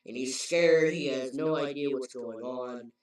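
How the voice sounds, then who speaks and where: A man's voice: medium pitch, unhurried, darkish tone. Rambling man in an echoey room. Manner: rambling, self-correcting storyteller. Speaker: game reviewer. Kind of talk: casual plot recap. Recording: very echoey, voice far from mic.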